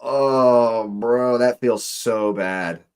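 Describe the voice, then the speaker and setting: A man's voice: mid-range voice, clear, resonant tone. A man hosting a live football watch-along, reacting to the match in disbelief and repeating his phrases. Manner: exasperated, repeats phrases, slow deliberate delivery.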